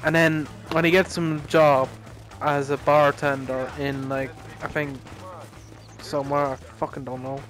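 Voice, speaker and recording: A man's voice: a little high, flat delivery, a little slow, over music, rough recording. A young man rambling through a casual story over gameplay, swearing a lot and laughing at his own rant. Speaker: gaming commentator.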